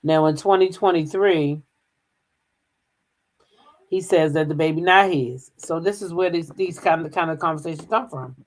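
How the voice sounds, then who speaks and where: A woman hosting a gossip channel, talking casually, humming fillers and reading news aloud. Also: deep voice. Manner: chatty, drawn-out filler hums, reads news aloud. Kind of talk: casual commentary.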